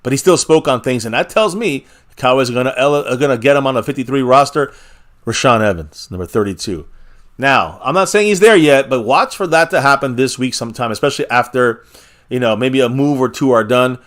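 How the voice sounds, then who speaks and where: Man, fan stream host, casual chatty commentary, reads chat comments aloud, mid-pitched voice. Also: fairly quick, fairly bright tone.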